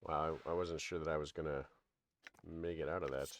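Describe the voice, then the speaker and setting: A man's voice: rumbling low, steady tone, a little fast, no room sound. A man casually commenting on a game and reading its text aloud, hesitant, with many fillers. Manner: hesitant, filler-heavy, chuckling. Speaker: let's-play gamer.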